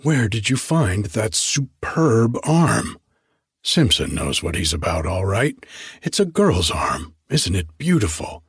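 A man voicing a boisterous young male medical student who mocks and teases loudly. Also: fairly low pitch, takes it slowly, breathy edge, dry recording, studio quality, heavily acted. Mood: admiring. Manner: loud, mocking, excitable.

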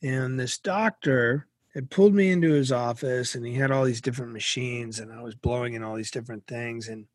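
A middle-aged man from Massachusetts, an interview guest telling a personal story in an animated way. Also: mid-range voice, fairly quick, hardly any pauses, no echo, studio quality.

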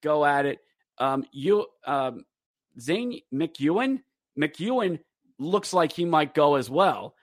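A man hosting a podcast, rambling casually with fillers through a game recap and slipping into excited play-by-play. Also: on the high side, slow, no room sound, clean studio sound. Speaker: podcast host.

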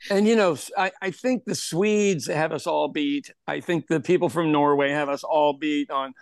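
A man's voice: on the high side, normal speed, gravelly, no echo. A man co-hosting a podcast in casual chat, rambling and repeating words, laughing often. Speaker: podcast co-host.

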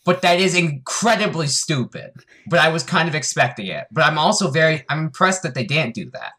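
A man's voice: a little high, sing-song, a little fast, pushed and bright. A man co-hosting a podcast, chatting casually and cracking jokes with some swearing. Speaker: podcast co-host. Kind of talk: casual chat.

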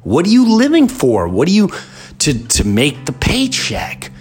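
A man's voice: on the high side, wildly swooping pitch, unhurried, a little mellow. A middle-aged man hosting a podcast, talking through an impassioned, preachy solo monologue. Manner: impassioned, preachy rant with emphatic swings. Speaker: podcast host.

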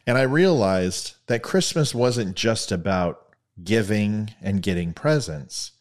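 A male podcast host talks casually and tells stories with animation, poking fun at himself. His voice is fairly low but swings widely in pitch. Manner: animated, self-deprecating. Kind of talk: casual monologue and storytelling.

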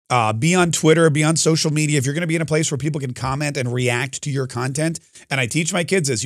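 A man hosts a talk radio show, delivering an opinionated, combative monologue in quick bursts and restarting his sentences often. His mid-range voice is recorded at studio quality with no echo.

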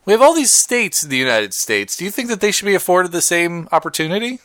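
A man's voice: sits high, very animated, fast talker, pushed and bright, no echo, studio quality. A man co-hosting a casual talk show, rambling and correcting himself as he goes. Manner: rambling, self-correcting, laughs often. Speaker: podcast co-host. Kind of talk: casual chat.

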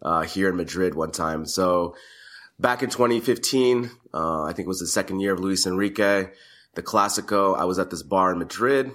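Man, very deep voice, casual podcast chat, animated storytelling. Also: moderate pace. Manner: storytelling, animated with frequent restarts. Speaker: podcast co-host. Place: lives in Madrid.

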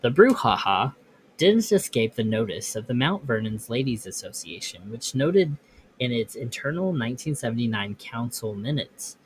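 A man's voice: medium pitch, sing-song, normal speed, slight background noise. A man hosting a podcast, reading ghost stories aloud and breaking off into offhand comments. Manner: reads text, then breaks off into offhand comments. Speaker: podcast host.

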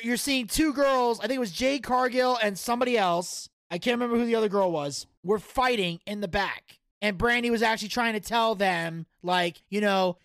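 A man co-hosting a casual wrestling podcast, his voice rough and gravelly. He rants heatedly and swears freely, recorded close and dry with no room sound. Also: very high voice, a bit bright, dry recording. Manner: profane, heated ranting. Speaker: podcast co-host. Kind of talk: casual wrestling recap chat.

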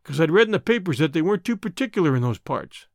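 A man voicing a cool, cocky young outlaw who answers calmly, quickly and slyly in an audiobook. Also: fairly high pitch, dry recording, clean studio sound. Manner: calm, quick, sly answers.

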